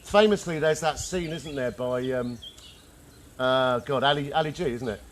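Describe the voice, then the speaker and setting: A man giving an informal talk to a group, animated and slangy, often calling people man and dude. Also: mid-range voice, moderate pace, slight background noise. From England. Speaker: workshop speaker. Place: outdoor gathering in the countryside.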